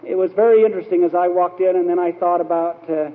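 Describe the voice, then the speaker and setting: A man's voice: sits high, steady tone, fast talker. A man telling stories in a sermon, rambling and anecdotal with frequent fillers. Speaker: church speaker. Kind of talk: storytelling sermon. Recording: tinny, echoey old hall recording.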